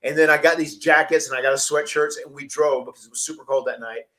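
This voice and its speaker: A man's voice: a little high, fairly even intonation, quick pace, pushed and bright. A man hosting a podcast, telling a long story casually, rambling and laughing often. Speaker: podcast host.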